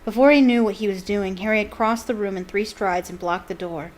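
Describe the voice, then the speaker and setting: A woman's voice: medium pitch, fairly quick. A woman hosting a channel, reading a novel aloud expressively and adding playful asides. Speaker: book reader and channel host.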